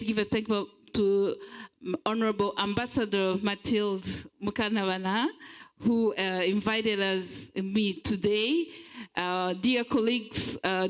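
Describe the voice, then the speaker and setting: Speaking at a community gathering as a guest, a woman from Belgium sounds sincere but hesitant, often stopping to find the right words. The audio is rough, and her pitch sits in the middle range.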